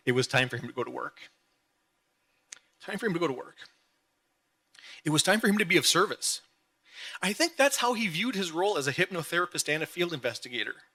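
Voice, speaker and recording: A man's voice: mid-range voice, sharp tone. A man giving a heartfelt memorial tribute, speaking earnestly with emphatic repeated phrases and playful imitations of a friend.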